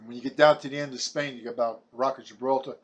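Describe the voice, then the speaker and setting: A man's voice: mid-range voice, fairly even intonation, fast talker. A man, delivering a blunt, combative ranting monologue full of stumbling restarts. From Brooklyn, New York. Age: 70s. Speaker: vlogger.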